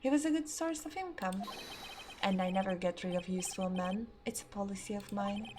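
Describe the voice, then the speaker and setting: A woman's voice: medium pitch, fairly quick, background noise, lightly acted. A woman reading a cold, scheming producer. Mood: cold, dismissive. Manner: dismissive, self-assured.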